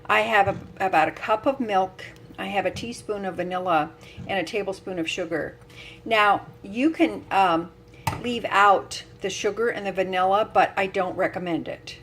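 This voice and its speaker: A woman's voice: medium pitch, moderate pace, a bit bright, slight background noise. An older woman giving a chatty, folksy cooking demonstration in her home kitchen, laughing at herself often. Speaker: home cook.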